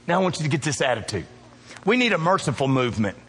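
A man's voice: on the high side, sing-song, fast, long reverb tail, slight background noise. A male pastor preaching a sermon, emphatic and calling out to his congregation in a church. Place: church sanctuary.

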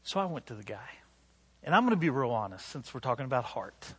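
A male pastor delivers a sermon in a slightly husky, medium-pitched voice at a fast clip. With animated, self-deprecating energy he tells a story against himself, acting out the quotes, before shifting into an earnest invitation to prayer.

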